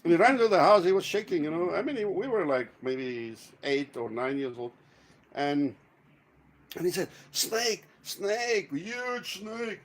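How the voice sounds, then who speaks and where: Gravelly, swearing man telling stories. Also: a little high, moderate pace, a little hiss or hum. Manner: swears a lot, animated storytelling. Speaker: livestream host. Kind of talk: casual livestream chat.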